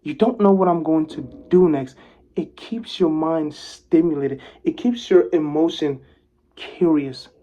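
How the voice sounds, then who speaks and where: A man giving a motivational talk to camera, swinging from loud, animated bursts to soft, hushed calm as he moves toward and away from the camera. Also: on the high side, a little slow, dull audio. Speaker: vlogger giving advice. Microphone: camera mic, speaker moving closer and farther.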